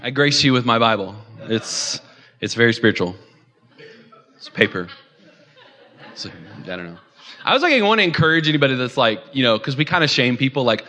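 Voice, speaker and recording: A man's voice: mid-range voice, animated, moderate pace, bright, forceful tone. A young man preaching a conversational sermon, joking and calling out to his congregation. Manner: joking, chatty, audience call-outs. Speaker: pastor.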